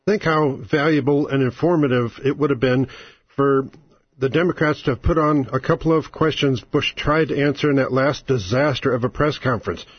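A man's voice: medium pitch, normal speed, breathy edge, no room sound, highs cut off. A male talk radio host giving an opinionated monologue in a sarcastic, combative manner. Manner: sarcastic, combative, rising to exasperated outbursts.

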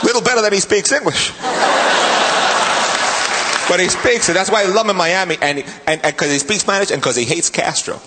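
High, animated comic over a roaring crowd. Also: male voice, brisk, pauses often. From New York. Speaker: stand-up comedian. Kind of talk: stand-up comedy set. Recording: live club with loud crowd and noise.

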